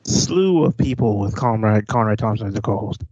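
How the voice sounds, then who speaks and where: A man's voice: lowish voice, expressive, moderate pace, darkish tone, no echo, muffled recording. A man co-hosting a podcast in casual chat, bantering playfully. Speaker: podcast co-host.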